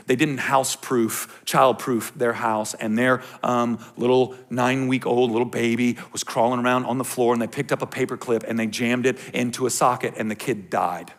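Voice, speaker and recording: A middle-aged male pastor preaching to a congregation in a church, chatty and blunt, swinging from hushed to loud. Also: medium pitch, creaky. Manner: conversational, swings from quiet to loud ranting. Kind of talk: sermon. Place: church auditorium before a congregation.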